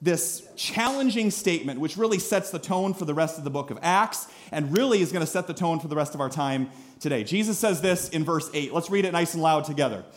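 Animated high-voiced male pastor. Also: brisk. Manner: conversational, animated preaching with rhetorical questions. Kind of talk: sermon. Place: church sanctuary.

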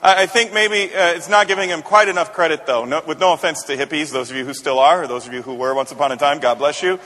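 High-voiced pastor preaching in a ringing hall. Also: male voice, fast, bright, forceful tone. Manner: conversational, repeats words as he builds a point. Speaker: senior pastor. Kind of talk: sermon.

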